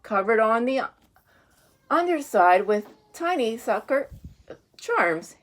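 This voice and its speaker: A woman teacher reads a children's rhyming story aloud, in a rhythmic sing-song. Her voice sits somewhat high. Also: big pitch swings, slow pace, pauses often.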